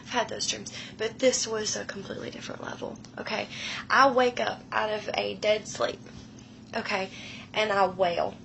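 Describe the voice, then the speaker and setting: A woman in her thirties retelling a frightening personal experience in a slow, emotional, hushed way, often dropping her voice low. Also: fairly even intonation, creaky, slight background noise, low-quality recording. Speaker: storyteller. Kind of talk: personal paranormal story.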